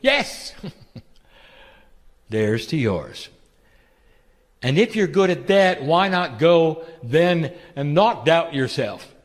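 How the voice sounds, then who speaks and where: Lively-pitched man channeling in an echoey hall. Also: drawn-out words, long pauses. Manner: gentle, intimate and preacherly, with rhetorical questions. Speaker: spiritual channeler. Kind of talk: channeled spiritual talk.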